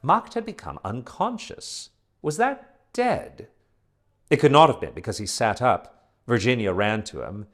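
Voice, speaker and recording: A man narrating a science fiction story aloud with expressive, dramatic delivery. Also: mid-range voice, unhurried. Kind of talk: dramatic audiobook reading.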